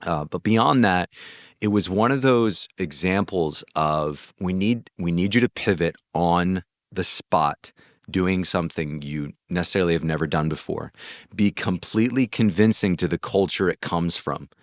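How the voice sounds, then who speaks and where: A man from North Carolina, a voice actor, telling animated, rambling anecdotes in an interview, with a gritty chest voice. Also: sits low, normal speed, no echo, studio quality. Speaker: guest voice actor. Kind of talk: casual interview storytelling.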